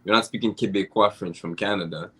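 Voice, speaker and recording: A man from Haiti with a very deep, low-pitched voice that still sounds bright and forceful. He explains things patiently and walks through examples in a relaxed podcast conversation. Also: quick pace, slightly rough. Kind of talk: casual podcast chat.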